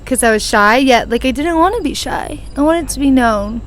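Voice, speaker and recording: A woman in her twenties hosts a podcast from an outdoor porch, chatting casually and telling stories with lots of giggles. Her high voice is animated and moves at a moderate pace.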